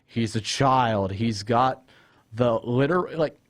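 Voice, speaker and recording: A man's voice: mid-range voice, takes it slowly. A young man hosting a casual film review chat, ranting with exasperation about a character and retelling scenes. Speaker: host.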